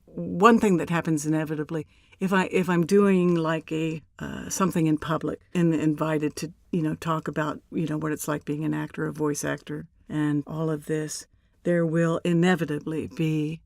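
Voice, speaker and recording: An older woman, a voice actor, telling stories in an interview in a measured, deliberate way with emphatic pauses. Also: sits low, fairly even intonation, creaky, a little mellow, no room sound, studio quality. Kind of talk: relaxed interview storytelling.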